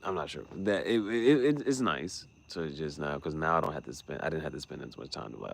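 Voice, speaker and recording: A man vlogging late at night, thinking out loud and trailing off into mutters and restarts. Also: extremely low pitch, lively intonation, fairly quick, vocal fry, hardly any pauses. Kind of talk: late-night rambling vlog.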